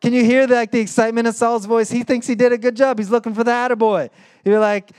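A young adult man preaching a sermon in a conversational, animated way, full of "like" and acted-out quotes. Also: fast, clear, resonant tone. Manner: animated, acts out quoted voices with sudden high bursts; conversational with frequent "like" fillers. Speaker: pastor.

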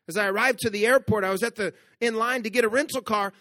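A man preaching a sermon. He tells a story with playful asides and drops to a soft, hushed voice for the tender moments. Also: high-pitched, quick pace, no room sound. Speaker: pastor.

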